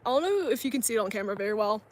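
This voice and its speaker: A woman's voice: a little high, animated, rapid-fire, darkish tone. A woman in her twenties from coastal North Carolina, chatting casually with her viewers on a phone camera while outdoors, laughing often as she answers their comments. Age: 20s. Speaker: vlogger. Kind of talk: casual livestream chat. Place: outdoors, parking lot and grassy area.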